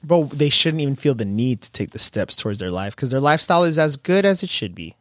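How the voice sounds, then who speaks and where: Laid-back young trainer, rambling chat. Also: male voice, medium pitch, very animated, fast talker, a bit bright, no echo, studio quality. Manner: loose and rambling, fillers and swearing. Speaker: personal trainer. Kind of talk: casual chat.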